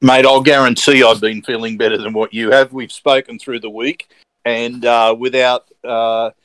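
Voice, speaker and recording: A man's voice: medium pitch, level tone, normal speed, a bit bright, no room sound, low-quality recording. A man co-hosting a casual sports podcast, blunt and chatty with many hesitations. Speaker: podcast co-host.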